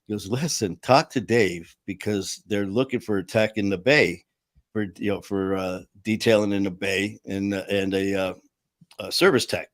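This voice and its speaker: A man's voice: fairly low pitch, normal speed, no echo. A man hosting a casual talk, telling a story with lots of fillers, laughs and acted-out quotes. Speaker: show host.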